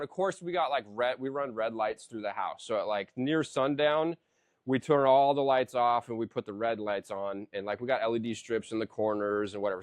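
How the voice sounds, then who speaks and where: A man's voice: medium pitch, darkish tone, no room sound. A man in his thirties in casual podcast chat, a rambling storyteller who swears a lot and keeps saying "dude".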